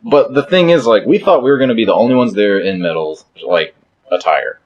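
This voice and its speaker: A man's voice: on the low side, lively intonation, a little fast, muffled recording. A man telling stories in a casual podcast chat, swearing freely and laughing as he goes. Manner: profane, laughing storyteller.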